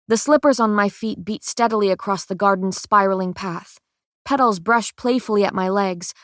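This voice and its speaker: Recorded close on a studio mic with no echo, a woman with a medium-pitched voice narrates a first-person fantasy audiobook in a measured, expressive manner.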